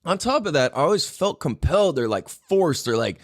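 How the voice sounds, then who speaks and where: A man's voice: a little high, very animated, fairly quick, dry recording, studio quality. A man hosting a podcast with a Southern Californian accent, talking loosely and profanely, laughing often in a casual solo monologue. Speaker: podcast host.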